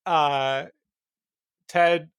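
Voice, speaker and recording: A man co-hosting a podcast in a studio, chatting casually and acting out quotes in an animated way. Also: a little high, drawn-out words, smooth, dry recording. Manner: animated storyteller who acts out quotes. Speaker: podcast co-host. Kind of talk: casual chat.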